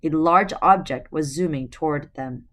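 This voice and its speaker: Low-voiced woman reading a storybook aloud. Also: normal speed. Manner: chatty asides to viewers. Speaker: storybook reader. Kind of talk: reading a novel aloud to viewers. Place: at home, on her bed.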